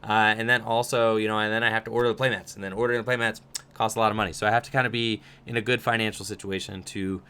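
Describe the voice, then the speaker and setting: A young man with a bright, clean-sounding voice runs a relaxed livestream Q&A. He reads questions from chat and answers in a loose, rambling way full of little fillers. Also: lowish voice, very fast, clean tone. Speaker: streamer answering viewer questions. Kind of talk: casual livestream Q&A.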